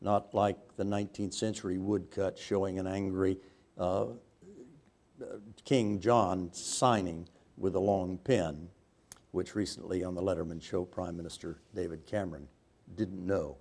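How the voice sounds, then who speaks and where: Older American man, low voice, speaking to an audience, anecdotal and wry. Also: fairly even intonation, unhurried, darkish tone. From United States. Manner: wry, anecdotal, with asides and self-corrections. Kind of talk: speech to an audience.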